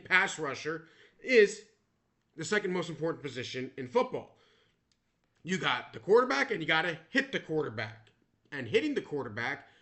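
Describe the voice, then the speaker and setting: Man, casual sports talk, rambling, opinionated, bright tone, slightly high voice. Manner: rambling, restarts often, opinionated. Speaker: sports vlogger.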